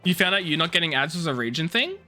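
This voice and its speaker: Streamer guy, young, lively pitch, very bright tone, teasing chat with faint music behind. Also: fast. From Australia. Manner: playful, teasing, rambling with many restarts. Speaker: game streamer. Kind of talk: casual live-stream chat.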